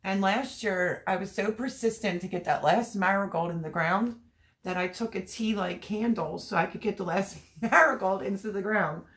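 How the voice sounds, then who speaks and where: A woman's voice: mid-range voice, moderate pace, fairly bright tone. A woman hosting a casual livestream, reading out chat comments, teary and laughing through her words. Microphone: webcam or phone on a stream.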